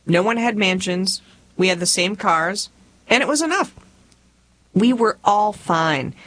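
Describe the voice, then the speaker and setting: A woman's voice: mid-range voice, fairly bright tone. A woman in her forties from rural Tennessee with a Southern accent, reading her own memoir aloud in a folksy, humorous storytelling manner. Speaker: memoir narrator.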